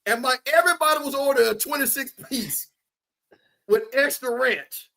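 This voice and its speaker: A man's voice: very high-pitched, normal speed, vocal fry, a little hiss or hum. A man joking and trash-talking in casual sports banter. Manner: joking, animated, Southern Black vernacular. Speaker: co-host.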